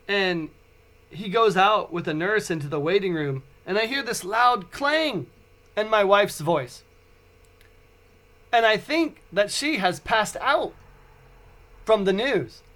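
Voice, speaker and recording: Podcast host, male, forties, high-pitched voice, casual storyteller who stumbles and restarts often. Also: a bit bright. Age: 40s.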